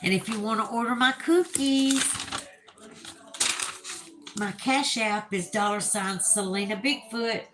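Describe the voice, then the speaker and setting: A woman's voice: medium pitch, unhurried, long pauses, a bit bright, slight background noise, low-quality recording. A woman with a Southern US accent hosting a casual livestream, reading viewer comments aloud in a chatty way and laughing often. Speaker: livestream host.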